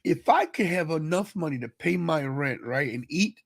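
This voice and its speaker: A man with a fairly high voice talks in a loose, rambling way, greeting viewers in the chat as he goes. He sounds tired and sleepy, chatting casually as host of his live stream. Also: lively intonation, normal speed, gravelly. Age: adult with kids. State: tired, yawning. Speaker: podcast host.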